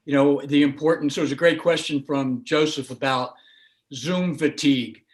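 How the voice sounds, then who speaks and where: A man's voice: fairly high pitch, steady tone, moderate pace. A man on a video-call panel, giving a thoughtful comment with many fillers. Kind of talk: casual panel chat.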